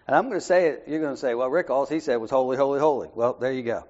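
A man leading an informal Bible study, talking in a conversational way that swings from soft asides to raised emphasis and keeps checking in with "right?". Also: mid-range voice, very fast, hardly any pauses. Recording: muffled lo-fi recording.

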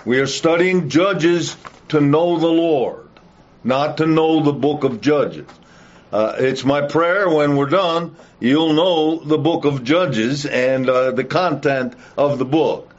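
A man's voice: fairly high pitch, slow. A man teaching a Bible study lesson and leading prayer, speaking in an earnest, emphatic way with occasional "uh" fillers. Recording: dull lo-fi recording.

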